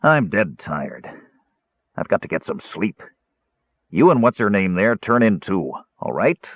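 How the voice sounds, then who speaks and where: A man voicing a big, weary warrior who talks gruffly and sternly. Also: fairly low pitch, sing-song, normal speed, no room sound. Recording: tinny phone-like dry recording.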